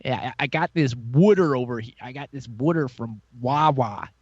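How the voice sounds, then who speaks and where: A man's voice: mid-range voice, moderate pace, darkish tone, no echo, lightly acted. A man doing a casual Philadelphia guy, with a Philadelphia accent and broad, lazy vowels, over a dull lo-fi line. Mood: offhand.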